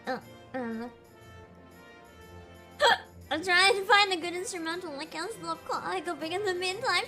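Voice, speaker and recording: Very high-voiced excitable woman streamer. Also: unhurried, long pauses. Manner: excitable, laughs often, swears. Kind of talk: casual gaming livestream commentary. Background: game music.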